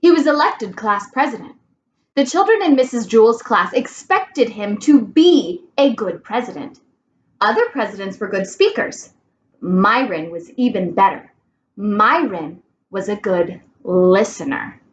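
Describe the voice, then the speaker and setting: A woman reading a children's storybook aloud, clear and expressive. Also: mid-range voice, unhurried, a little hiss or hum. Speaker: reader.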